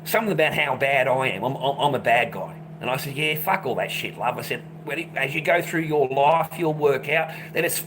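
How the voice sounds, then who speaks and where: A man's voice: mid-range voice, brisk, hardly any pauses, fairly bright tone. A man ranting casually to the camera, swearing constantly and repeating himself. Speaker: vlogger. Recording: noisy background.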